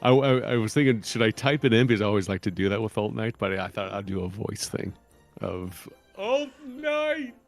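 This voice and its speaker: A man hosting a casual chat stream from an echoey room. He talks in halting bursts, restarts often and laughs a lot. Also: on the low side, steady tone, faint music behind. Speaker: stream host. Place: room with echo.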